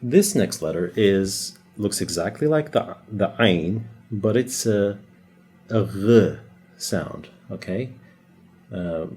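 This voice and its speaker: A native Arabic speaker teaches Arabic at a whiteboard in an easygoing way, patient in his explanations, demonstrating sounds and adding gentle humor. His voice is lowish, dark in tone and slightly rough.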